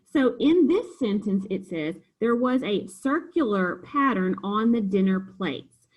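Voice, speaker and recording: A woman's voice: mid-range voice, lively intonation, unhurried, darkish tone, poor audio. A woman teacher patiently walking students through a homework review, step by step. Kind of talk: recorded homework review lesson.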